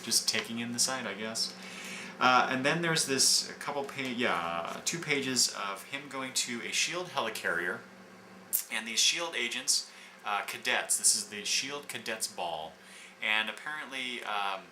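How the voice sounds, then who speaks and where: A man casually reviewing comic books, talking in a halting way with frequent restarts as he sums up the story. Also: mid-range voice, animated, pushed and bright. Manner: halting, with many fillers and restarts while summarizing. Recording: echoey room with background noise.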